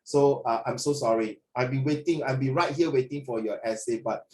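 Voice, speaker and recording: A man's voice: medium pitch, a little fast, mellow. A man with a Singaporean accent, tutoring a class over a video call, chatty and mixing in Mandarin. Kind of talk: online class feedback. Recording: echoey room.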